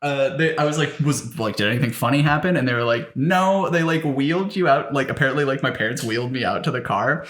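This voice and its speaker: Young man, podcast co-host, casual chat, animated, swears freely. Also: medium pitch, quick pace, few pauses.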